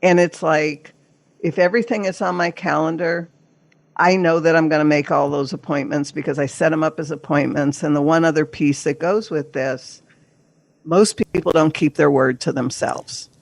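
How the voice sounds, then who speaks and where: A woman's voice: deep voice, steady tone, normal speed, gravelly, dry recording. Older woman, therapist and coach, podcast guest, emphatic, earnest, acts out inner voices, dry close sound. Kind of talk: podcast interview.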